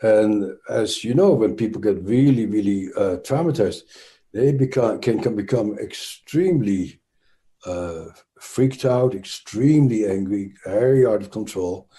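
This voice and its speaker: A man's voice: fairly low pitch, unhurried, warm tone. A man with a Dutch accent, a trauma expert speaking as an interview guest, explaining thoughtfully with frequent restarts and fillers.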